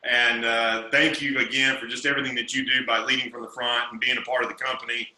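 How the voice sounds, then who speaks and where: Man, host, effusive thanks, stumbling restarts, bright tone, echoey video call. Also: medium pitch, little pitch movement, quick pace. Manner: effusive, restarts his sentences. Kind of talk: wrapping up a group call.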